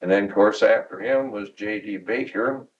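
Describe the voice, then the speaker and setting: Recorded from a distance on narrow, tinny audio, his fairly low voice moves at a moderate pace. He's a Michigan man in his sixties telling stories from his working life at home for an oral history interview, chuckling and acting out the quoted lines.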